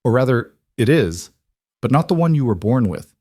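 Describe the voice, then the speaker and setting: A man playing a calm, watchful crime boss who speaks quietly with a northern Italian accent. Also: medium pitch, normal speed, husky, no room sound, clean studio sound, pitched above the performer's own voice. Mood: cool. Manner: quiet, calm, nearly murmured.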